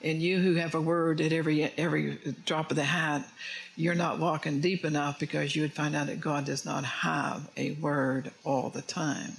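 Chatty preacher man, slightly high voice. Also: level tone, moderate pace, vocal fry, fairly bright tone, rough recording. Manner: chatty, jokes and asks the congregation questions. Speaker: pastor. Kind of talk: conversational sermon. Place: church before a congregation.

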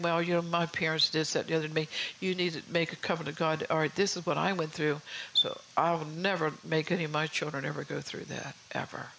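A woman's voice: low-pitched, gravelly, fairly bright tone, slight background noise, low-quality recording. An older woman giving an informal sermon in a homey, confiding way, often saying "you know". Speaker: preacher.

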